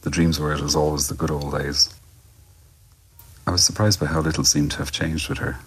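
Irish male guest writer, reflective reader, very deep and husky. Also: flat delivery, low-quality recording. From Ireland. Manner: reflective and measured. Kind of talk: reading his own personal story aloud.

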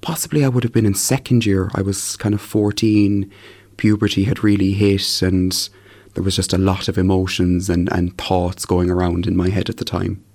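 A young man speaks in an interview, measured and reflective. His voice is very deep and stays flat, with little rise or fall. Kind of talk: reflective personal account.

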